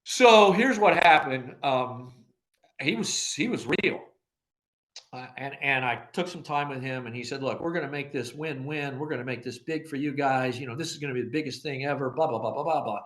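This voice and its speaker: An older former agency director with a medium-pitched voice speaks at normal speed, sharing anecdotes in an interview. He plays out quoted exchanges in lively fashion, laughing often.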